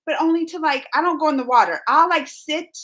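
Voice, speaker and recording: A woman's voice: high-pitched, fairly quick, fairly bright tone. A woman hosting a casual live reaction stream, reading viewer comments aloud in a chatty way and laughing often. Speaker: reaction channel host.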